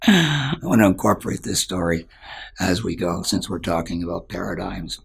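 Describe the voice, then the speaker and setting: A man's voice: low voice, expressive, normal speed, vocal fry, slightly rough. A man giving a spiritual talk as a teacher, telling a story in an earnest way and dropping to a whisper at times.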